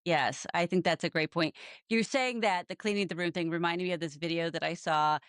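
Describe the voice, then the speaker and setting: A woman's voice: lowish voice, fairly quick, a bit bright, no echo, clean studio sound. A woman hosting a podcast, telling a story and asking questions in a casual, laughing manner. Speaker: podcast host. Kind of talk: casual interview conversation.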